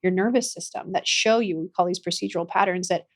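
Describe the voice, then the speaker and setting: A young adult woman, guest on a podcast interview, speaking gently and earnestly about her healing work, at times getting emotional. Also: fairly low pitch, fast. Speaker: guest, somatic practitioner and author.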